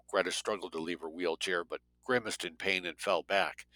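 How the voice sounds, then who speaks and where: A man narrating an audiobook in a measured way, recorded close and dry. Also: steady tone, pushed and bright, no room sound, low-quality recording. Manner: measured, dropping low for tags. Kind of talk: scripted narration.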